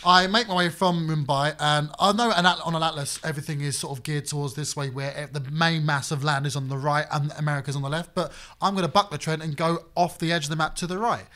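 A man's voice: a little high, steady tone, quick pace, few pauses, bright, forceful tone. A man improvising a comic story, cheeky and confident. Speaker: comedy game player.

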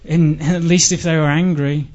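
A man with an English accent delivering a dry, rambling, self-deprecating comic monologue that breaks into shouted outbursts. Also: a little high, little pitch movement, moderate pace. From England. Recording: dull lo-fi recording.

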